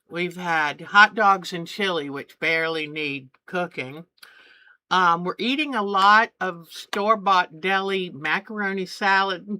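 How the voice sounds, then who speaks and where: Slow-talking chatty older quilter woman. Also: lowish voice, pushed and bright. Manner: rambling and homey, with many fillers and restarts. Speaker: quilting channel host. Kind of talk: casual chat.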